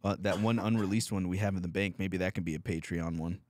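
A man's voice: low voice, steady tone, fast talker, darkish tone, a little hiss or hum. A young man co-hosting a comedy podcast, ranting crudely and riffing in a drawling voice. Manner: crude rants, drawling put-on bro voice. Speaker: podcast co-host. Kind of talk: casual comedy podcast chat. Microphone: studio microphone.

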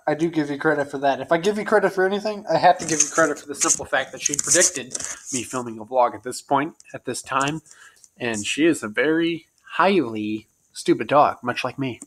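A young man vlogging in a goofy comic way, often yelling and joking loudly. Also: fairly high pitch, moderate pace, a little hiss or hum. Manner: loud, yelling, jokey, swearing. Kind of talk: goofy comedy vlog.

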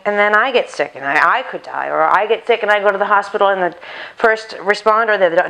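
A woman's voice: mid-range voice, a bit bright, rough recording. Woman chatting thru a cooking demo, mutters to herself, mic clipped on her chest, kitchen at home. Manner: rambling, talks to herself while cooking. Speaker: cooking channel host. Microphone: lapel mic on chest.

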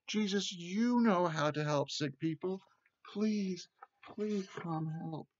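A man's voice: slow, highs cut off. A man reading a storybook aloud, voicing a desperate father who begs for help for his sick daughter in a raised, pleading voice. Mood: begging. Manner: pleading, pitched up.

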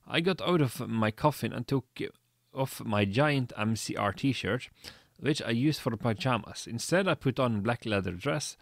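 A man doing a comedic reading of fan fiction, deadpan and dry with sarcastic asides. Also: medium pitch, unhurried, gravelly, dry recording. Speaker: reader.

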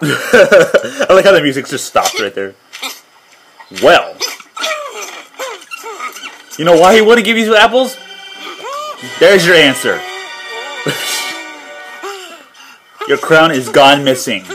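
A man's voice: a little high, sing-song, drawn-out words, long pauses, fairly bright tone, rough recording. A man giving casual reaction commentary on a cartoon, laughing often and exclaiming again and again. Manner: frequent laughter and repeated exclamations of wow. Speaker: reaction video host. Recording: music playing behind.

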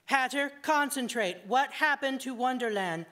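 A woman's voice: sits high, lively intonation, a little slow, a bit bright. A woman voicing a determined young woman who speaks insistently and impatiently. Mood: exasperated.

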